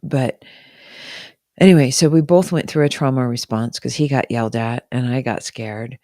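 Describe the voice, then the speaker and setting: Woman, live stream monologue, candid and emotional, swears a lot, gravelly fry, dry close sound. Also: extremely low pitch, steady tone, normal speed, dark tone, no room sound. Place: at home.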